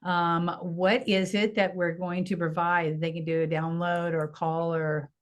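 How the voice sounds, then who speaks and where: A woman's voice: on the low side, level tone, unhurried. A woman hosting a podcast interview, asking questions and giving brief supportive affirmations. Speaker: podcast host.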